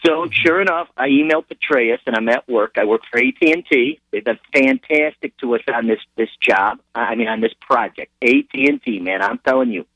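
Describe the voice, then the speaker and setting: A man's voice: mid-range voice, brisk, hardly any pauses, fairly bright tone, no room sound, low-quality recording. A middle-aged man, a sergeant who is a guest on a radio interview, telling rambling anecdotes with frequent restarts. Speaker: military sergeant and charity founder as a guest.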